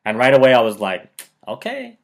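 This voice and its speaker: A man's voice: mid-range voice, normal speed. A man talking casually to the camera, giving motivational advice and telling personal stories, often checking in with his viewers. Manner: conversational, keeps checking in with "okay?"; chatty storyteller who quotes himself and others. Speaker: motivational video host.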